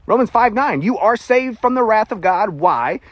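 A man's voice: high voice, expressive, normal speed, a bit bright, no echo, lo-fi sound. A man with a Southern US accent preaching a casual sermon, chatty and self-deprecating, laughing often as he talks.

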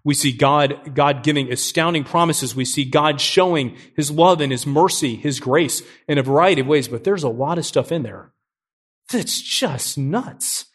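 A middle-aged man preaching a sermon as pastor, energetic and joking, often asking his listeners questions. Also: on the high side, moderate pace, hardly any pauses.

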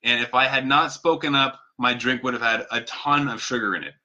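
Bright-voiced man giving casual advice. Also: medium pitch, steady tone, brisk. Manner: conversational, earnest, repeats key points. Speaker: vlogger giving diabetes advice. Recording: dull lo-fi sound.

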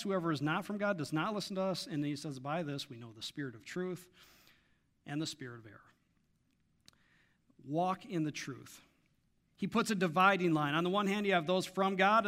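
A man preaching a sermon as pastor, emphatic and rising on key lines, then dropping to soft, intimate asides to the congregation. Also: a little high.

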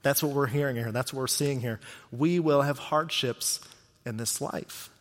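A man's voice: mid-range voice, moderate pace, long reverb tail. A man preaching a sermon as pastor, talking in a conversational way and often asking his listeners rhetorical questions.

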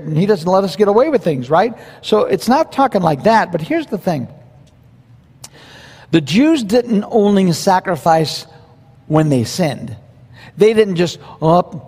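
A pastor preaching a verse-by-verse sermon in a conversational, animated way, with quoted asides. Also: male voice, a little high, in a large hall.

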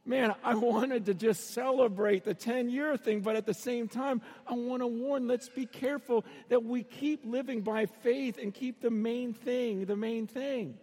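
A middle-aged man with a high voice preaches a sermon in an arena. He tells stories and acts out the voices of the people in them, now and then rising to a shout. His words ring out with the long echo of a big hall. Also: fairly even intonation, measured pace, few pauses. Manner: storytelling, acting out voices with sudden shouts. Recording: long reverb of a large arena.

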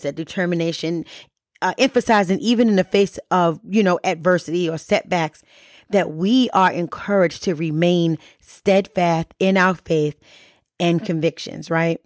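A woman's voice: fairly low pitch, dry recording, clean studio sound. A middle-aged woman hosting a faith podcast, teaching in a conversational way and often checking in with "right?". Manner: conversational, keeps asking "right?". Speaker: podcast host.

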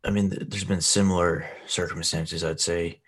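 A man chatting casually on a podcast, speaking in halting, hesitant replies. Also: deep voice, level tone, husky. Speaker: podcast co-host. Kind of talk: casual chat.

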